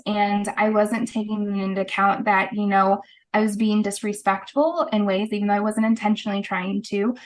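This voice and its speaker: Brisk woman telling her story. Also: medium pitch. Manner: animated storyteller, brisk with frequent laughs. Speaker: guest, holistic practitioner. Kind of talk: casual interview storytelling.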